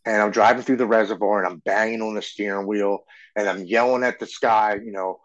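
A man in his forties speaks as a podcast guest, telling his story earnestly and tripping over his words, repeating them as he goes. His voice sits on the low side. The recording sounds dull and lo-fi. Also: steady tone, brisk. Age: 40s. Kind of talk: personal storytelling in an interview.

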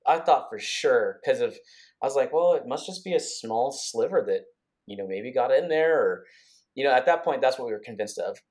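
A man of middle pitch co-hosts a podcast and tells a story in a loose, chatty way. He rambles and restarts often, then speeds up in quick bursts. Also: animated, a little mellow. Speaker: podcast co-host. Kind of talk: casual conversational storytelling.

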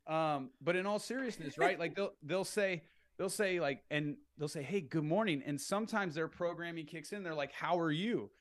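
Podcast guest, middle-aged man, lively storyteller, slips into upbeat phone voices, slightly higher pitch. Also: normal speed. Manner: animated, acts out phone calls in upbeat voices. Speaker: real estate entrepreneur guest. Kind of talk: podcast interview, explaining sales tactics.

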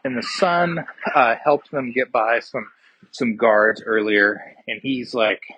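A man's voice: mid-range voice, takes it slowly, pushed and bright, breathy edge, dry recording, highs cut off. A man recapping a movie plot in a casual, rambling way, swearing freely and trailing off into fillers and restarts. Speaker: podcast movie reviewer.

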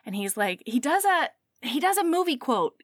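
A woman's voice: sits high, moderate pace, dry recording, studio quality. A woman co-hosting a casual podcast chat, animatedly retelling a novel's plot and acting out the characters' lines. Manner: animated storytelling, acts out characters' lines, laughs often. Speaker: podcast co-host. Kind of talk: casual book recap chat.

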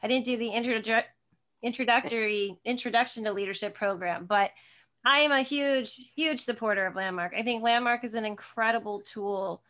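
A woman's voice: fairly high pitch, moderate pace, fairly bright tone. A woman hosting a casual interview, listening with encouragement and sharing her own experience. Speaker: host.

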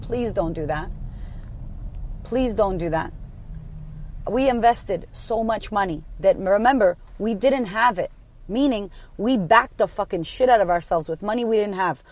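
A woman in her thirties, a life coach, telling her story in a blunt, sweary, animated way. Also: medium pitch, normal speed, slight background noise. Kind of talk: casual storytelling to camera.

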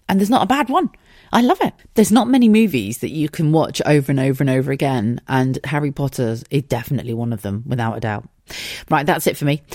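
A rambling, chatty woman, talking on her own podcast in a low voice. She swears casually and laughs as she goes. The sound is close and dry, with no room around it. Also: dark tone, dry recording. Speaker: podcast host. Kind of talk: casual solo podcast chat. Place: home.

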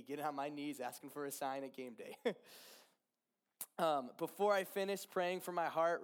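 This casual, animated sermon features a young man with a somewhat high voice telling a Bible story. Along the way he uses fillers, makes asides and acts out quick snippets of dialogue.

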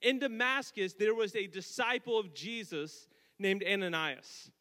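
Bright high-voiced preacher man in a hall. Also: a little slow. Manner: retelling scripture with casual asides and dramatic emphasis. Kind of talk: sermon. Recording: long hall reverb.

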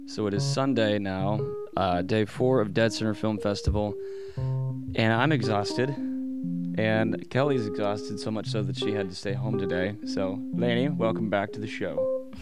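A man's voice: lowish voice, measured pace, loud music behind the voice. A man hosting a podcast, chatting casually and joking with guests in a festival press room. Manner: joking, animated. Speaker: podcast host.

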